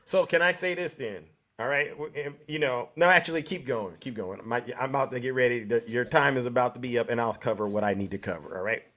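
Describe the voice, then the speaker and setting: A man's voice: medium pitch, quick pace, few pauses, fairly bright tone. A man hosting a live call-in show who debates a caller in a pressing, rhetorical way, keeps asking "right?" and cuts in to steer the talk.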